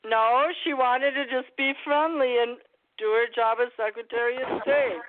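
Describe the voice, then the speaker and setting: High-voiced woman host on a tinny line. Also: steady tone. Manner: quizzing, brisk, joking. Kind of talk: casual call-in chat.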